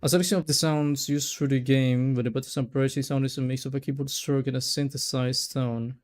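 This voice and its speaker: A man's voice: mid-range voice, fairly even intonation, a little fast, darkish tone. A man streaming a video game in casual chat, rambling, laughing and stumbling over names as he reads. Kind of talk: casual let's-play chat.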